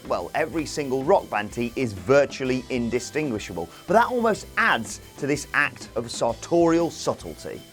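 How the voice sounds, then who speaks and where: Man, sardonic scripted narrator, slightly high voice, animated delivery; light music behind. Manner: sardonic, jokey asides.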